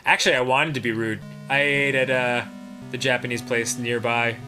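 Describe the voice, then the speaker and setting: A man's voice: mid-range voice, steady tone, moderate pace, over music, low-quality recording. A man co-hosting a comedic chat, telling stories with swearing and bursts of mock outrage. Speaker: podcast co-host.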